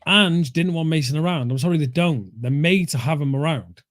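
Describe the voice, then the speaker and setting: A blunt, opinionated man chatting about football on a fan show. His voice sits a little high, and the sound is close and dry with no room echo. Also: a little fast. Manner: blunt, opinionated, says mate a lot. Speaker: co-host of a fan talk show. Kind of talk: casual football chat.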